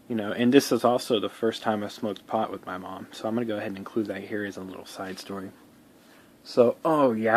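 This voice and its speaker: Guy w a lowish voice rambling thru his own story, lots of ums and restarts. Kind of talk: casual personal storytelling vlog.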